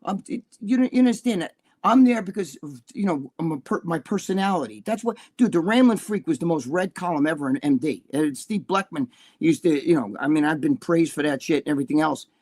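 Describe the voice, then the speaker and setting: A man's voice: a little high, lively intonation, brisk, few pauses, darkish tone. An older man chatting as a guest, rambling and profane with many restarts. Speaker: guest, bodybuilding columnist. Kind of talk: casual live chat.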